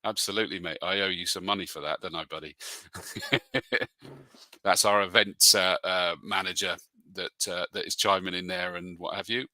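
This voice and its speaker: A man's voice: sits low, fairly even intonation, normal speed, pushed and bright, no room sound. A man and motorsport commentator hosting a live show, chatting casually and reading out viewer comments in a matey way. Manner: chatty and matey, calls people mate.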